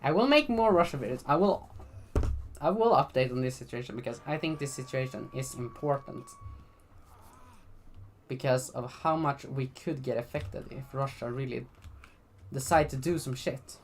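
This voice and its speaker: Brief: rambling, swearing vlogger from Sweden, mid-pitched, soft keyboard typing behind. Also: moderate pace, a little hiss or hum. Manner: rambling, blunt, profane. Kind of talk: casual commentary.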